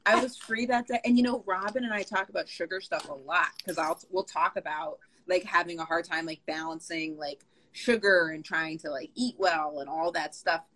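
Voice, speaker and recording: A woman's voice: fairly low pitch, normal speed, few pauses, fairly bright tone, a little hiss or hum, poor audio. A young woman co-hosting a casual chat, telling a long story with lots of "like" and plenty of swearing. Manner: rambling, lots of "like", swears freely. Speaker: podcast co-host.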